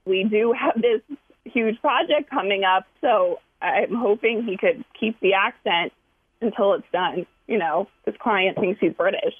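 A woman's voice: medium pitch, measured pace, husky. A woman calling in to a radio show, chatty and giggly. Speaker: caller. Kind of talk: phone call on radio. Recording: tinny phone line.

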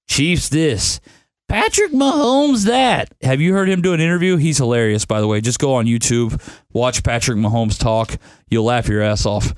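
A man's voice: on the high side, dry recording. A young man hosting a casual sports-betting podcast, laid-back and grumbling that he is tired. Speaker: podcast host picking football bets.

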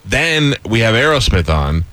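A man's voice: medium pitch, big pitch swings, measured pace, pushed and bright, dry recording. A man hosting a radio talk show, with brief replies and rambling anecdotes.

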